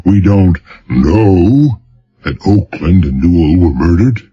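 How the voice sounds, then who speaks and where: A man reading an audiobook, voicing a pompous, outraged governor who speaks weightily with emphatic pauses. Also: low-pitched, expressive, warm tone, husky, muffled recording, soft background music, full character voice. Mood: blustering.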